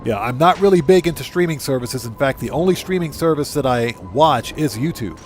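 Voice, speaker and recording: A man's voice: medium pitch, lively intonation, brisk, faint music behind. A middle-aged man hosting a gaming livestream, chatting casually, rambling and correcting himself as he reads chat aloud. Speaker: livestream host.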